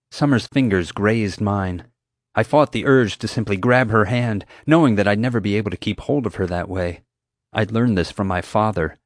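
A man reading a first-person adventure story aloud as narrator, steady and vivid. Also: on the low side, no echo, studio quality. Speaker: audiobook narrator.

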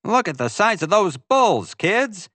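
A man voicing a loud, oblivious male tourist who talks brashly. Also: sits high, very animated, unhurried, no echo, voice pushed up, exaggerated voice. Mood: excited.

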